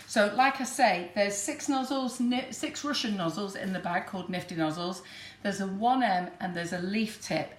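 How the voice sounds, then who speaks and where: A woman's voice: mid-range voice, normal speed, few pauses. Northern English woman, live kitchen demo host, chatty and giggly, echoey kitchen, faint background noise. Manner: chatty and warm, laughs often. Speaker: baking demonstrator. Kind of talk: live baking demonstration chat.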